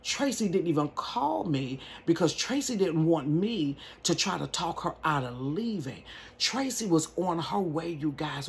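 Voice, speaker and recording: A woman in her bedroom, telling a personal story to camera in an animated, folksy way and calling viewers "y'all" and "honey". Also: low voice, creaky, slight background noise. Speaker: vlogger. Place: home bedroom. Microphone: camera at close range.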